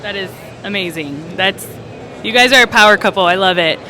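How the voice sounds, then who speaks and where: A woman's voice: medium pitch, fairly quick, sharp tone. A woman host interviewing guests at a trade show in an upbeat, gushing way.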